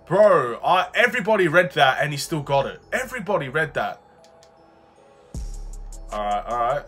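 A young man from Australia narrates his basketball game as he plays, excitable and quick to flip from quiet muttering to outraged yelling. His voice is bright and forceful and sits a little high, and faint music plays behind him. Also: breathy edge. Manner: excitable, swings from muttering to frustrated shouting. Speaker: gaming YouTuber. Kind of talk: live gameplay commentary.

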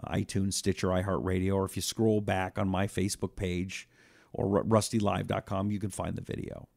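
A man's voice: low-pitched, little pitch movement, brisk, gravelly, darkish tone, no room sound, clean studio sound. A man hosting a live talk stream, chatting loosely with viewers, reading out their comments and making blunt asides. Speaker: host.

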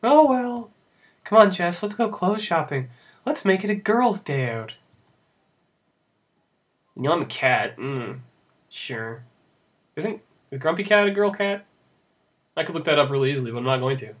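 A man's voice: a little high, animated, normal speed, long pauses. A young man commenting sarcastically over a visual novel he plays, rambling and laughing at it. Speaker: let's play host. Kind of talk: casual gameplay commentary.

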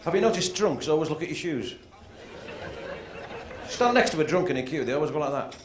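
A man's voice: a little high, animated, brisk, a faint crowd. A man doing observational stand-up comedy on stage, chatting and putting questions to the audience. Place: stage before a live audience. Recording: roomy live-show audio with loud background noise.

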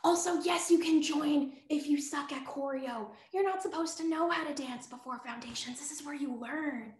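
A woman's voice: high voice, moderate pace, slight background noise. A young woman teaching a virtual dance workshop in a chatty, upbeat way over a video call, out of breath and full of fillers. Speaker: dance instructor. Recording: echoey room.

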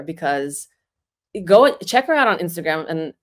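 A woman's voice: fairly low pitch, lively intonation, moderate pace. A woman comedian and impressionist chatting casually as a podcast guest, snarky and self-assured, with lots of "you know" fillers.

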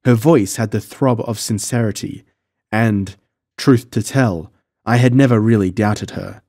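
A man narrating a pulp adventure audiobook in the first person, measured and dramatic. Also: lowish voice, mellow, no room sound, studio quality.

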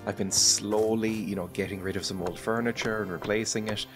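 A man's voice: on the low side, fairly even intonation, a little fast. A man hosting a home-streamed game video, chatting casually and self-deprecatingly as he plays. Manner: rambling, self-deprecating, chatty with frequent laughs. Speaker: gaming channel host. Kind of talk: casual let's-play commentary. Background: game music playing clearly.

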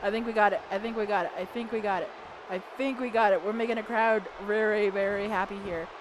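A woman commentating her own wrestling video game match, excitable, swearing and shouting at the screen. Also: mid-range voice, fast talker. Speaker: gaming channel host. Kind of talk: let's play commentary. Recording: game crowd and arena noise behind.

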